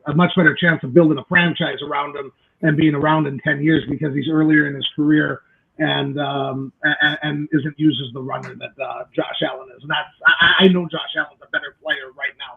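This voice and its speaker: A man's voice: on the high side, gravelly, husky. A man co-hosting a casual sports debate, opinionated and often restarting his sentences. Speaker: co-host. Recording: tinny phone-like line.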